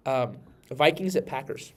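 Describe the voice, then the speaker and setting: A congested, slightly nasal man hosting a podcast, chatting casually about football with many restarts. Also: mid-range voice. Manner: rambling, animated, many restarts. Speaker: podcast host. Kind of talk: casual sports chat.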